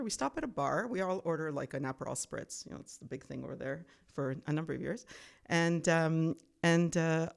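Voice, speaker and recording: A middle-aged woman chats as a guest, her voice carrying a slight gravelly fry. She tells stories with animation, laughs often, and slips into quoted voices along the way. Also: deep voice, lively intonation, fairly quick. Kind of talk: casual storytelling chat.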